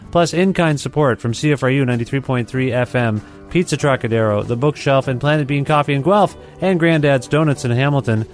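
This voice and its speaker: A man hosting a podcast, reading a scripted intro and then asking halting, soft-spoken questions with restarts. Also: medium pitch. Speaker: podcast host. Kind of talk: scripted intro and casual interview.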